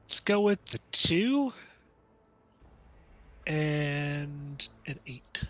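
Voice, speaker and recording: Slow-talking, bright-voiced man at the game table. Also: a little high, expressive. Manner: easily amused, drawn-out and unhurried. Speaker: player. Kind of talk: casual tabletop game chat.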